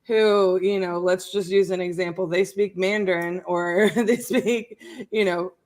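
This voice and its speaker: A woman's voice: lowish voice, fairly even intonation, measured pace, darkish tone. Chatty laughing woman from Ohio. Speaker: co-host, real estate investor. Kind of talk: casual livestream chat.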